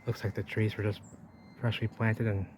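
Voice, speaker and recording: Walking outdoors by a river wall, a vlogger narrates his exploration and rambles on, pointing things out to viewers. His fairly low voice shows little pitch movement at a normal pace, with background noise behind him.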